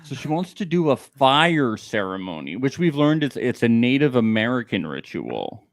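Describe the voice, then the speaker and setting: A young man co-hosting a casual recap podcast, animated and quoting people in playful voices. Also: medium pitch, normal speed, no echo, studio quality. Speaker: podcast co-host.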